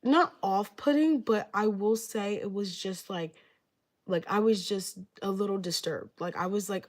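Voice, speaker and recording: On her livestream, a young woman who gives readings rambles loosely through a story, using "like" in nearly every phrase. Her voice is mid-range and her pace is measured.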